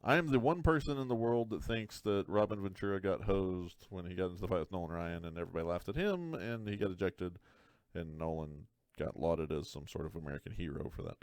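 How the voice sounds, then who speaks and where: A man's voice: sits low, animated, brisk, no echo. A man hosting a live card break, talking through each card with dry joking asides.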